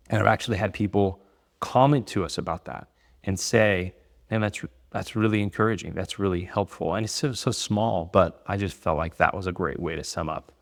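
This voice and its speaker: A man and business owner giving casual advice to the camera, conversational and rambling, with many fillers. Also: sits low. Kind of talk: casual talking-head advice.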